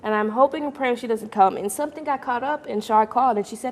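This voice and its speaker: A woman's voice: fairly high pitch, quick pace, hardly any pauses. A young woman guest telling a personal story, acting out other people's lines with laughs along the way. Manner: animated, acts out quoted voices, laughs often. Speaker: mentee guest. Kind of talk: storytelling on a panel.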